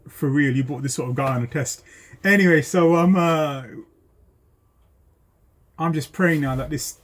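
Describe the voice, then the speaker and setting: A man, a driving instructor telling a story in a lively way, full of ums and acted-out voices. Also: fairly high pitch. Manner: animated, acts out voices, many ums. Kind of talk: casual storytelling.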